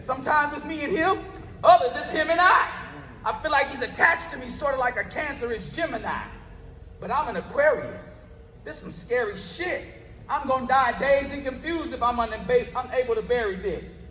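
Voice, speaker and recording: A man's voice: very high voice, normal speed, bright, forceful tone. A man performing spoken word poetry live on stage, with a rhythmic, rhyming delivery. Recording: roomy live venue with long reverb.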